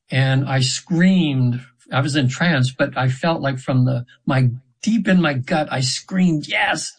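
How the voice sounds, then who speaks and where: A man's voice: mid-range voice, breathy edge, low-quality recording. A man in his seventies, an interview guest, telling his session stories in an earnest, meandering way with many restarts. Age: 70s. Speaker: hypnotherapy practitioner, guest. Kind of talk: casual storytelling interview.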